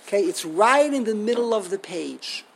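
A man giving a lecture on a liturgical poem, halting and restarting often and asking himself rhetorical questions. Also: high-pitched, expressive, gravelly, breathy edge, rough recording. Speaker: Torah teacher.

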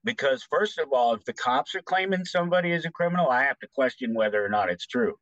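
A male podcast guest who rants bluntly, padding his talk with fillers. His voice is middle-pitched and comes through a dry, dull, lo-fi recording. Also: animated, fast, a bit bright, dry recording. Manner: blunt, ranting, heavy on fillers. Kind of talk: casual podcast chat.

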